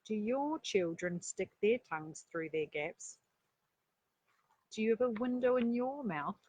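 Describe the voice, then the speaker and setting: Breathy lady reading a kids story, lively voice, lots of little asides. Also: mid-range voice, measured pace, no echo. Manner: chatty asides and rhetorical questions to listeners. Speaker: storyteller and life coach.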